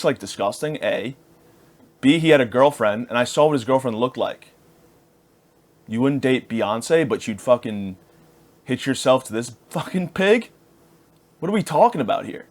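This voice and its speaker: A man in his thirties talks alone into the mic in a middle-pitched voice, wandering from one thought to the next. His podcast patter is crude and self-mocking, with loose asides as he loses his thread. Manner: rambling, crude and self-deprecating. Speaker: podcast host. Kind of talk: comedic podcast monologue.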